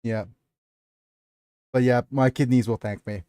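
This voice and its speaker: In an unhurried, rambling style, a livestream host reads aloud and responds to his chat. His steady, warm voice sits in the middle of the male range and sounds close and dry with no echo, while he meanders from point to point, often stopping and starting over.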